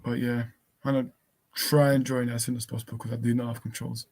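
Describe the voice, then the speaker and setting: A man co-hosting a live stream in casual talk, calling out to a missing co-host and spelling out a link slowly. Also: medium pitch, level tone, darkish tone, slight background noise. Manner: calls out repeatedly, spells slowly. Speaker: livestream co-host.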